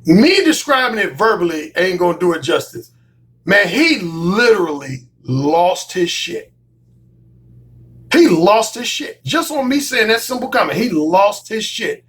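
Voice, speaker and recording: A man's voice: very high voice, sing-song, normal speed, fairly bright tone. A man who works as a dating coach, telling a story in a casual monologue, emphatic, often repeating his phrases and swearing freely. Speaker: dating coach and YouTube commentator.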